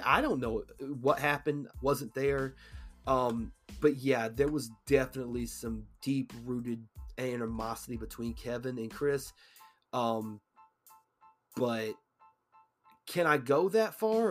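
A man's voice: medium pitch, a little slow, fairly bright tone, soft background music. Loose, swearing male podcast host. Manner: loose, swearing, acts out quoted lines. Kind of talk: casual podcast chat.

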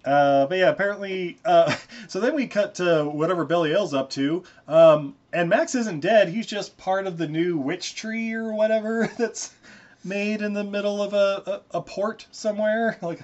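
A man's voice: high voice, moderate pace. A young man hosting a podcast, rambling and laughing through a casual movie recap, sometimes swearing, on a muffled recording. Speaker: podcast host.

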